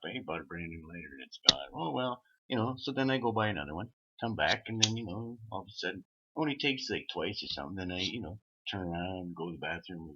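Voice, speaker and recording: Husky low-voiced man rambling. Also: sharp tone. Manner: profane, digressive, full of fillers and restarts. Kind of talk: rambling casual monologue. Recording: dull lo-fi recording.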